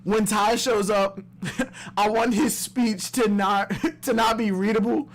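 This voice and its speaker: A man streaming a live comic-chapter reaction, excitable and slangy, breaking into high shouts and laughter and repeating himself. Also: slow.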